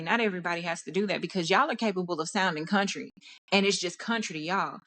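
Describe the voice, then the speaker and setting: A woman's voice: lowish voice, fast, fairly bright tone. A young woman from Dallas with a Texan accent, talking candidly and passionately in a personal podcast monologue, often restarting her sentences. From Dallas, Texas. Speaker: podcast host.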